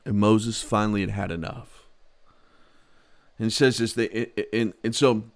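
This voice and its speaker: A man preaching a sermon, animated, swinging from loud outbursts to quiet, low passages. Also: dry recording. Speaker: pastor.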